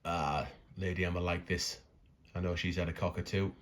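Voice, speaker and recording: Deep-voiced chatty man. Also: steady tone, moderate pace. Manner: chatty, muses aloud and stumbles over words. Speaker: coin collecting vlogger. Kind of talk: casual unboxing commentary.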